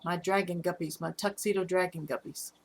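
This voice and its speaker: A middle-aged woman with a Southern accent, hosting a casual live stream about her fish, halting often with fillers. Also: fairly low pitch, fairly even intonation, vocal fry. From Alabama. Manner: rambling, halting with fillers, reads out chat comments.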